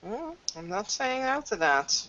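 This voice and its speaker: A woman's voice: fairly high pitch, very animated, unhurried, sharp tone, full character voice. A woman voicing a blunt female werewolf warrior in a tabletop role-play. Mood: friendly. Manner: flustered stammering when caught off guard. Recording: dull lo-fi voice chat.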